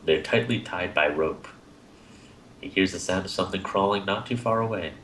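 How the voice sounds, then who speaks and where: A man's voice: low-pitched, normal speed, fairly bright tone, echoey room, a little hiss or hum. A man reading visual novel narration aloud steadily, laughing now and then. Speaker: narrator and co-host.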